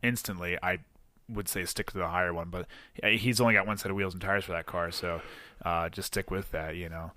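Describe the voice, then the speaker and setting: A man's voice: sits low, steady tone, brisk, bright, forceful tone, dry recording. A man co-hosting a casual podcast, joking and rambling, coughing from allergies. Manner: joking, rambling, self-deprecating. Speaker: podcast co-host. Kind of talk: casual chat. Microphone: studio mic.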